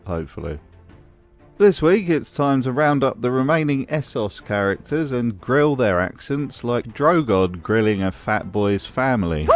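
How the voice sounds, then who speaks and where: A man's voice: medium pitch, very animated, measured pace, soft background music. A man delivering scripted commentary as a video host, in a dry, mocking manner.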